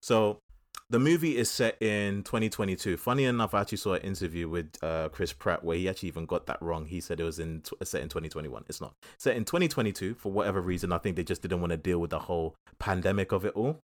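A man's voice: sits low, quick pace. A man with a South East London accent, co-hosting a casual film review chat and acting out little quotes as he retells the plot. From England. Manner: animated storyteller, acts out quotes. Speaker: film podcast co-host.

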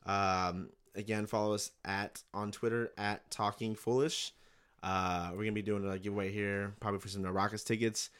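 A man's voice: on the low side, level tone, normal speed, a bit bright, clear, resonant tone. A young man, podcast host, telling a long rambling story in casual chat, laid back and swearing.

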